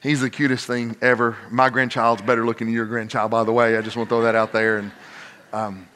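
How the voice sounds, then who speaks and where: An older man preaching a folksy sermon that swells into loud, emphatic peaks. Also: medium pitch, level tone, a little fast, a little hiss or hum. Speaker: pastor. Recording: long hall reverb.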